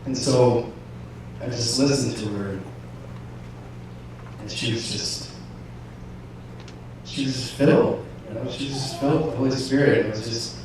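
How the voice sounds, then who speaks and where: A man preaching a personal testimony, playing out both sides of an inner argument. His voice drops to a murmur and then climbs to a shout. It is heard from far off in a very echoey church hall, with a faint hum underneath. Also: mid-range voice. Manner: storytelling, acts out inner dialogue, swings from hushed to shouting. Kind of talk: sermon testimony.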